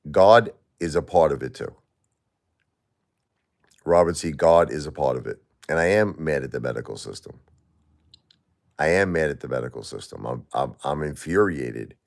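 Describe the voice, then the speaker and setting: Very deep gravelly-voiced grieving man. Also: a little mellow. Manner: halting, repetitive, emotional. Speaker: live streamer. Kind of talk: grieving live-stream monologue to chat.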